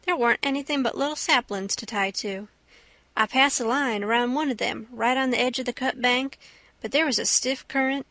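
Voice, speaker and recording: A woman reading an audiobook in a steady storytelling manner. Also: on the high side, no echo. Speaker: audiobook narrator. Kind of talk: audiobook narration.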